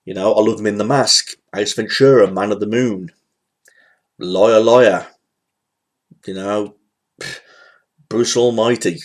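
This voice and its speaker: A man's voice: lowish voice, slow, long pauses. Rambling man ranting about a film. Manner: rambling, repeats himself, frequent fillers, occasional swearing. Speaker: movie reviewer. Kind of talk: casual spoken film rant.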